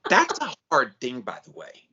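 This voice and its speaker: A man co-hosting a casual podcast, chatty and supportive, tossing in quick asides. His voice is bright and forceful at a middle pitch. The recording has a dull lo-fi quality. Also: wildly swooping pitch. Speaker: podcast co-host.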